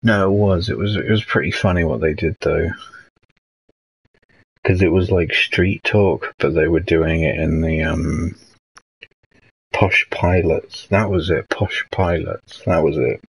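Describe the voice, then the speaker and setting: A young man winds down a late-night stream in a slow, halting ramble. His voice is deep, gravelly and a little husky. He pauses often and reads viewer messages out loud. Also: fairly even intonation, low-quality recording. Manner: rambling, hesitant, reading chat messages aloud. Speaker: livestream host.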